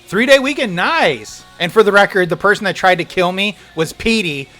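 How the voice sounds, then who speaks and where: Male streamer, casual and rowdy; bright, lively, high voice. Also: moderate pace, faint music behind. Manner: animated, swears, laughs often, breaks into loud outbursts. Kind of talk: casual gaming stream chat.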